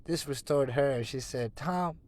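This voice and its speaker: A man narrating a classic novel as an audiobook, with measured storytelling and dramatic pauses. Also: medium pitch, darkish tone. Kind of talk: scripted narration.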